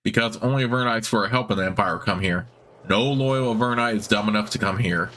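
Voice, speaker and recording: A man voicing a sly male informant who feigns drunkenness in a role-playing game, speaking low and hushed. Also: fairly quick, slight background noise, close to an everyday voice.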